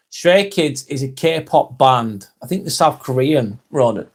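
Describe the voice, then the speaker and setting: A man's voice: a little high, animated, unhurried, slightly rough. A man hosting a casual live stream on his phone, reading out viewer comments with dry jokes and casual swearing.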